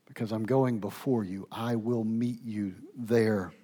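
A man preaching a sermon, swinging between loud emphatic stretches and hushed, intimate ones, with occasional restarts and fillers. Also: on the low side, fairly even intonation, measured pace, breathy edge. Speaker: pastor.

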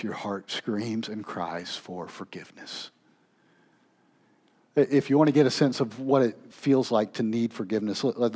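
A man preaching a sermon as pastor, swinging between raised, pleading intensity and hushed, low-voiced emphasis.

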